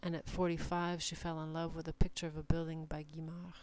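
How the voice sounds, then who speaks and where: A woman giving a measured, deliberate reading of short numbered literary passages. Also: low voice, little pitch movement, darkish tone. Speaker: reader.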